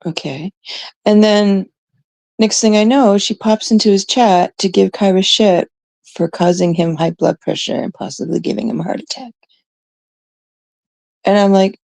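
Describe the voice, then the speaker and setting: A woman's voice: on the low side, vocal fry, warm tone, no room sound. A Canadian woman livestreaming, rambling casually and talking straight to her chat viewers on a close mic.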